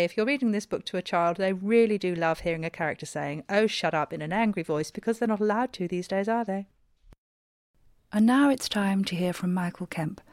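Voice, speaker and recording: Deadpan woman, comic radio host. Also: fairly low pitch, no echo, clean studio sound.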